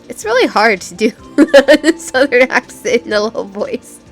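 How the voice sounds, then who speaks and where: A woman's voice: a little high, expressive, a little slow, soft background music. A woman hosting a let's-play, reading and commenting on a game with amused, blunt asides.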